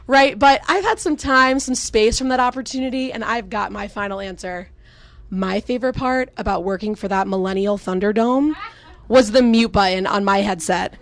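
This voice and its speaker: A woman's voice: mid-range voice, moderate pace, no room sound. A young woman performing a stand-up comedy set, telling exasperated, sarcastic stories with plenty of swearing.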